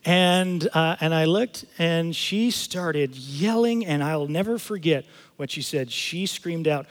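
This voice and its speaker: A male pastor delivers a sermon in a fairly high voice, moving between scripture reading and casual, emphatic storytelling. His voice carries a long reverb from a church auditorium. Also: lively intonation, slow. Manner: conversational storytelling, emphatic asides. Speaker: campus pastor.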